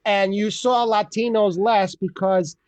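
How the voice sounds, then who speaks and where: A man hosting a comedy open mic over a video call, telling an animated, exasperated bit and laughing at his own jokes. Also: high voice, a little slow, clean tone, dry recording. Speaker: comedy show host.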